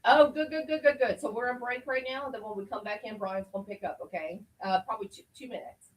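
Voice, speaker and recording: A woman producing a radio show, talking briskly off-air in the studio. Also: on the high side. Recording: distant off-mic voice with faint noise.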